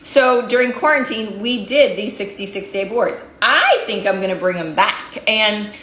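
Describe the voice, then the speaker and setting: A woman coach with a mid-range, fairly bright voice and lively intonation speaks at a moderate pace. She's fired-up and emphatic, driving points through repetition in a motivational talk to followers, recorded with roomy echo.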